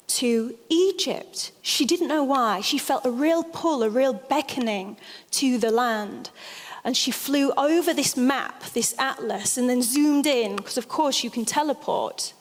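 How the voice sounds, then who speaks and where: A woman speaks from a stage in an animated storytelling manner, leaning hard on key phrases. Her voice sits a little high. The sound rings with the long reverb of a large hall. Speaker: speaker giving a stage talk. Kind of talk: storytelling lecture.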